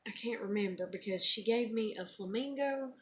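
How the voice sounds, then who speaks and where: A mother shares keepsakes in a casual personal vlog, talking frankly and rambling with lots of "you know" and "like." Her voice sits at medium pitch, a bit bright, at a normal speed over slight background noise, and she swears when she gets frustrated.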